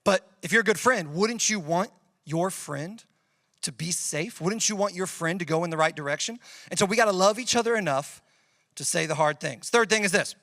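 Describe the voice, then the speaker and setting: Bright high-voiced youth pastor. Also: male voice, normal speed, no room sound, studio quality. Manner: conversational, uses storytelling examples. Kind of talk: youth sermon.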